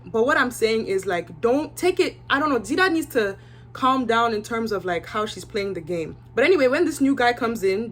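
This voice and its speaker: A woman's voice: a little high, a bit bright. A young woman giving a casual, opinionated recap of a reality show, chatting with her viewers and filling her talk with asides.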